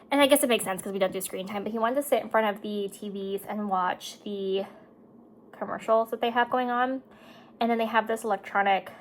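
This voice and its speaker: Woman vlogger, gravelly voice, chatty and emotional, makeup chat, faint hiss. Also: medium pitch, poor audio. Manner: chatty, emotional, tearful at times. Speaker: beauty vlogger and mother. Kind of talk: casual chat while doing makeup.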